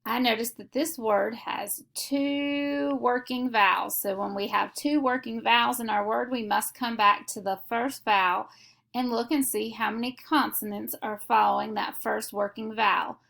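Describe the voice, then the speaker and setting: Woman with a gravelly phonics-teacher voice. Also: on the high side, steady tone, fairly bright tone. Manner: slow, deliberate, methodical explanation. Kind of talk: step-by-step phonics lesson.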